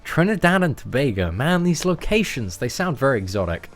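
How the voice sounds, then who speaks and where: A young man talks loosely and slangily to his viewers while he plays a game on stream. His voice sits at an ordinary, middling pitch, and he rambles from one thought to the next in a relaxed, chatty way. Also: fairly quick, faint music behind. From England. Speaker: gaming livestreamer. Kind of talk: casual livestream chat.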